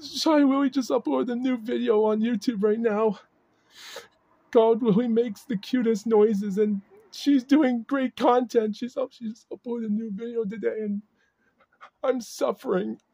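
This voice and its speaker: A man's voice: extremely high pitch, steady tone, normal speed, warm tone, no room sound, studio quality. A man talking anxiously to camera in a vlog, repeating himself and sometimes dropping into panicked whispers. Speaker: vlogger. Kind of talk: distressed vlog monologue.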